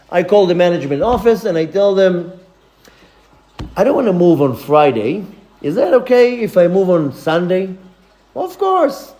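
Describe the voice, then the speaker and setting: A man, a rabbi, giving a lecture as a lively personal story, acting out the voices of the people in it. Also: high voice. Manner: animated storyteller acting out dialogue.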